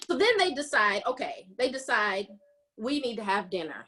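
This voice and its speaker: Animated woman recapping a story. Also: fairly high pitch, moderate pace. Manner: animated storytelling, acting out characters' lines. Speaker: podcast host. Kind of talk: casual book recap chat.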